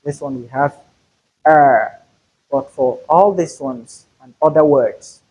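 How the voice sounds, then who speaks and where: A male teacher giving a slow, deliberate pronunciation lesson, repeating example words to show stress. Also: fairly high pitch, warm tone, breathy edge, poor audio. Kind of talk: classroom-style pronunciation lesson.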